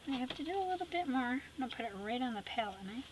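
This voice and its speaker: A middle-aged woman hosting an art tutorial, chatty and teasing, narrating as she paints and dropping into soft whispered asides. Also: high-pitched, animated, very fast, a little hiss or hum, rough recording.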